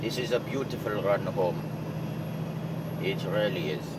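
Wry trucker over engine noise. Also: male voice, measured pace. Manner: chatty, wry and self-mocking, mild swearing. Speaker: truck driver vlogger. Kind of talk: casual running commentary while driving. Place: inside a truck cab. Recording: loud engine and road noise. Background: truck engine and road rumble.

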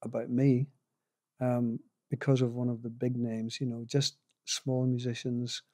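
A man's voice: medium pitch, flat delivery, unhurried, mellow, no echo, studio quality. An older man from Northern Ireland with a Northern Irish accent, telling modest, chuckling anecdotes with restarts as a guest in an interview. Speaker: guitar maker, podcast guest. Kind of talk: casual storytelling interview.

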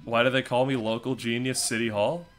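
A man's voice: mid-range voice, level tone, fairly quick, a bit bright, faint music behind. A young man giving casual commentary on a puzzle game he is playing, with playful, sarcastic trash talk aimed at his opponent. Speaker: gaming streamer.

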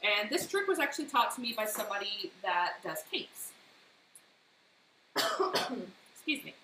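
Casual and chatty, a woman hosts a baking live stream from her home kitchen at normal speed and medium pitch. She tells animated personal stories between the steps, and there's echo plus faint noise in the room.

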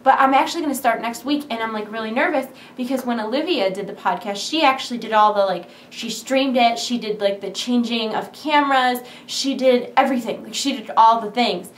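Young woman, rambling chatty vlog, fairly high voice, echoey empty room, camera mic. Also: brisk, few pauses, slight background noise. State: excited and nervous. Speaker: vlogger. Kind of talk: casual vlog chat. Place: big empty room at home. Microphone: camera's built-in mic.

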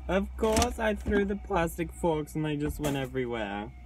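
A man's voice: fairly high pitch, very animated, moderate pace, noisy background. A man vlogging in a casual chat, complaining bluntly and sarcastically and swearing freely.

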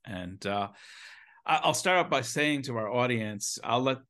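A man's voice: mid-range voice, animated, a little slow, bright, forceful tone. American man co-hosting a film chat. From United States. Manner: enthusiastic, rambling, with restarts. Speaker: podcast co-host. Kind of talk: casual film review chat.

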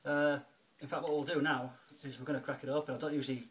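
A man's voice: mid-range voice, flat delivery, quick pace, fairly bright tone. Man, casual vlog, chatty, lots of ums and restarts, grateful, faint background hiss, indoors. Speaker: video blogger, film collector.

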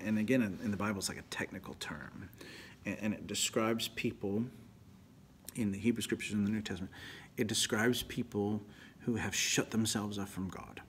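A man, a priest, giving an animated, emphatic Bible teaching that often drops to a near whisper. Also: on the low side, slight background noise.

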